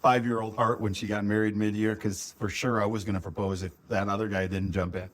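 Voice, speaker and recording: A man's voice: on the low side, fairly quick. A middle-aged man from Minnesota, co-hosting a podcast and telling childhood stories in a casual chat with an old friend, laughing often. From Minnesota, USA. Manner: animated storyteller, laughs often. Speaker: podcast co-host.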